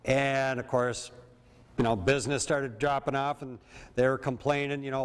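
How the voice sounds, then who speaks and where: A man's voice: mid-range voice, moderate pace. A man from Minnesota giving an informal talk to an audience, who often checks in with his listeners. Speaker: presenter on septic systems. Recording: long reverb of a hall.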